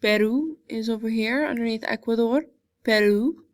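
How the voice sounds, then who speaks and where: A young woman teaching a Spanish class, going slowly over a map and repeating each country name so students can copy how it is said. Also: mid-range voice, no echo, studio quality. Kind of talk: geography lesson over a map.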